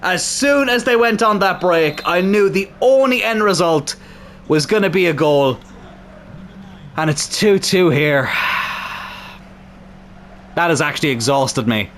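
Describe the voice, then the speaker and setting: A young man with a sore throat commentating on his football video game, calm between plays and shouting and swearing at goals. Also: sits high, a little slow, slight background noise. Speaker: gaming YouTuber.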